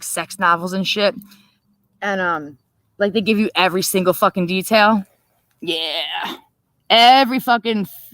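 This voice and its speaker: A woman hosting a casual livestream, telling a story in a profane, animated way and laughing often. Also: medium pitch, no echo. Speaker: livestream host.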